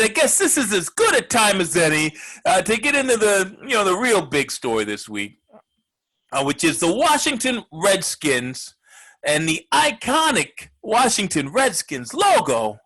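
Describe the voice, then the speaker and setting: A man's voice: high voice, fairly bright tone, low-quality recording. A man hosting a comedic sports radio talk show, brash and profane, rambling with lots of filler words.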